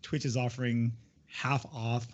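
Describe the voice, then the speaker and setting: A man's voice: medium pitch, little pitch movement, unhurried. A man chatting casually, easygoing and full of fillers. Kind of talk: casual chat. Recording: dull lo-fi mic.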